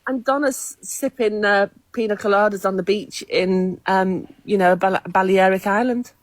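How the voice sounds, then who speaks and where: A woman's voice: medium pitch, normal speed, no room sound. A woman guest on a live stream, talking bluntly and indignantly, swearing as she defends a friend. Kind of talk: casual gossip chat.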